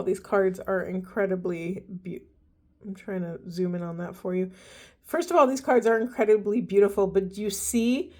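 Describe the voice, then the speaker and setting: A woman's voice: mid-range voice, darkish tone. A woman giving an oracle card reading to her viewers, earnest and heartfelt, often stopping to restart her sentences. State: teary-eyed. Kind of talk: spiritual card reading to camera.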